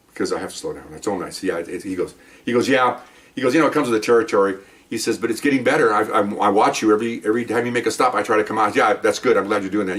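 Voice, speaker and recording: Older man rambling through a story, distant mic. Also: on the low side. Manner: rambling, folksy, acts out quotes of others. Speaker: retired police training officer. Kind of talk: casual storytelling monologue.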